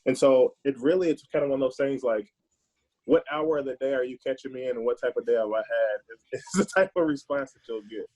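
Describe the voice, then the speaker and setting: A man speaking as a podcast guest in a casual discussion, earnest and forceful, often restarting his words. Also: mid-range voice, a little fast, rough recording.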